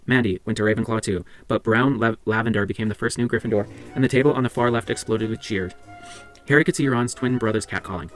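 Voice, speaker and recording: Low-voiced man reading a story aloud briskly. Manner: brisk, with small slips and restarts. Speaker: library book club reader.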